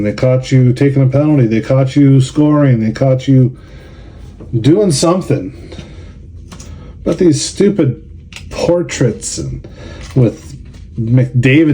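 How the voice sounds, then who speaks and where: A middle-aged man talks slowly through a casual vlog, grumbling with a sarcastic edge. His voice is very dark and mellow, unhurried, sitting at an ordinary pitch for a man. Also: slight background noise. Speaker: card collector and show organizer. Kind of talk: casual vlog, opening cards.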